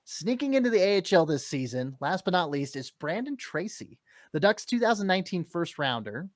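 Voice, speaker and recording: An excitable co-host of a sports podcast, recorded dry and close with no room sound. The voice sits at a middle pitch and breaks into laughter when things get exciting. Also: a little fast, no room sound. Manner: excitable, laughs and gets flustered. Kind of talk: hockey analysis podcast.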